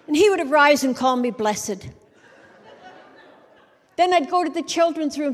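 A middle-aged woman delivers a humorous sermon on a church stage, telling wry stories, joking, and acting out little scenes. Her high-pitched voice has lively intonation, runs a little slow, and pauses often, with long hall reverb around it.

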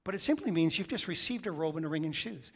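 A man preaching a sermon as pastor, swinging between hushed asides and loud, emphatic peaks. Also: fairly high pitch, lively intonation, quick pace. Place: church sanctuary. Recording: long hall reverb.

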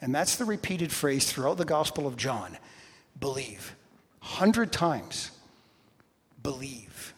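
A man preaching a sermon to a congregation in a church, swinging from loud emphasis to hushed, quiet phrases. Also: medium pitch, sing-song, slow pace, pauses often, breathy edge. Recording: long hall reverb.

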